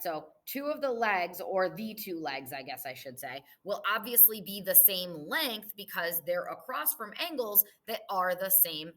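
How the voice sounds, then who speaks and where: Bright-voiced woman teaching a math review. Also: fairly low pitch. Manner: patient, explaining step by step while writing on the board. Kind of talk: recorded math lesson review.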